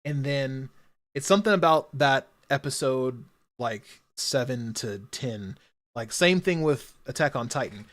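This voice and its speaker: A young man chatting casually on a live stream, rambling with many fillers and restarts and bursting out loudly when excited. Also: mid-range voice, a little slow.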